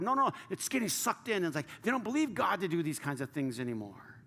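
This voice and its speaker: A man preaching a sermon as pastor, passionate, swinging from loud urging to hushed near-whispers. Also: high-pitched, big pitch swings, fast. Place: large church hall. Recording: reverberant church hall with faint ambience.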